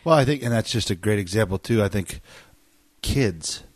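A man co-hosting a podcast, sharing relaxed, reflective thoughts in casual conversation. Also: lowish voice, moderate pace, breathy edge, dry recording. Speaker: podcast co-host. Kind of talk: casual chat.

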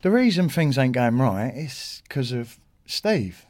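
A middle-aged man, a podcast guest, telling an animated anecdote in a casual way, swearing and acting out what others said. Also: medium pitch, slow pace.

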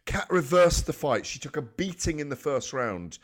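A man's voice: a little high, moderate pace. A man co-hosting a sports radio show, chatting animatedly about fights and telling stories. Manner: animated, storytelling, emphatic. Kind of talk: casual sports chat.

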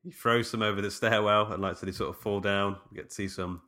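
A man's voice: lowish voice, steady tone, quick pace, pushed and bright. A man co-hosting a casual film podcast, rambling with many fillers. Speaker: podcast co-host.

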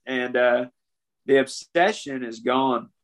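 A man's voice: medium pitch, slow pace. A young man, a podcast guest, talking candidly and earnestly about something painful, often saying "man.". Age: young adult. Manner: earnest, emotional, calls people "man". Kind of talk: candid interview talk.

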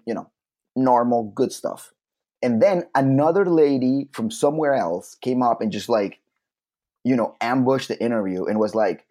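Male co-host, mid pitch, lively and loose, swears freely, acts out the people he quotes. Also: moderate pace. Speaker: podcast co-host. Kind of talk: casual chat.

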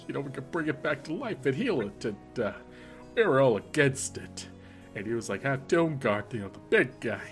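A man's voice: medium pitch, close to an everyday voice. A man voicing a shifty male henchman who hesitates, stammers and tries to please his boss in a tabletop game. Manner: hesitant, full of "uh", wheedling.

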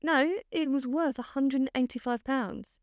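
Smooth-voiced chatty woman. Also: high-pitched, moderate pace, no echo. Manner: chatty, enthusiastic, laughs often. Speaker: podcast co-host. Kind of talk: casual chat.

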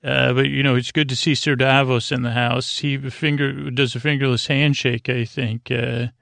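A man's voice: mid-range voice, level tone, normal speed, creaky, fairly bright tone, dry recording. A male podcast host giving a casual, rambling recap of a TV episode and often correcting himself mid-sentence. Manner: rambling, loose, self-correcting.

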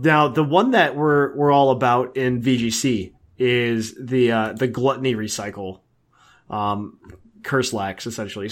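A man co-hosting a casual podcast, who rambles eagerly and fills his speech with ums and uhs. His voice sits in an ordinary middle pitch. He keeps a loose, chatty flow. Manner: enthusiastic, rambling with many fillers. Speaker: podcast co-host. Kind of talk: casual chat.

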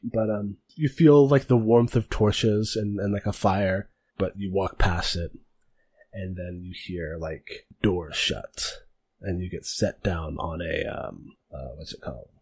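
A man's voice: low-pitched, unhurried, darkish tone, breathy edge, no room sound. A man narrating a tabletop game as game master, rambling with many fillers.

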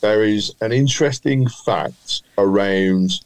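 A man's voice: lowish voice, slow, dry recording, rough recording. A man with a Birmingham accent hosting a football quiz on a casual podcast, stretching out his clues and teasing the panel. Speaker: quiz host.

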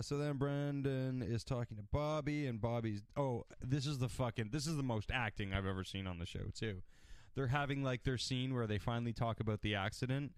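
A man's voice: medium pitch, clear, resonant tone, no echo. Chatty man recapping with mock voices. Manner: rambling, acts out characters' lines in mocking voices. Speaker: podcast co-host recapping a TV episode. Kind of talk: casual chat.

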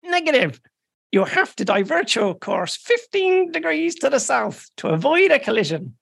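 A stubborn lighthouse radio operator, put on by a podcast co-host, who answers in a high, strained voice and holds firm without budging. The replies come flat and unyielding, like curt messages over a ship's radio. The voice stays planted on the same stubborn note throughout. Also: moderate pace, gravelly, full character voice. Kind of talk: reading a joke aloud in parts.

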